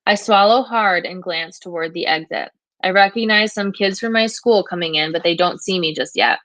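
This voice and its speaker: A woman's voice: lowish voice, normal speed, a bit bright, no echo. A woman teacher reading a novel aloud to her class, narrating steadily in the first person.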